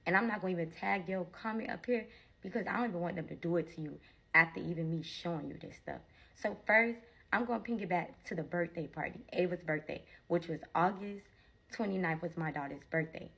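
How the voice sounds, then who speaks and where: A young woman telling a personal story to her followers in a chatty, animated way, often talking to them directly. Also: lowish voice, brisk, gravelly, breathy edge, highs cut off. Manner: animated, chatty, often addresses viewers as y'all. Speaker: storytime creator.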